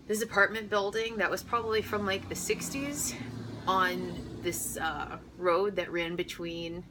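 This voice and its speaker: A woman in her thirties telling a story casually to camera, animated and rambling, laughing often. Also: lowish voice, slight background noise.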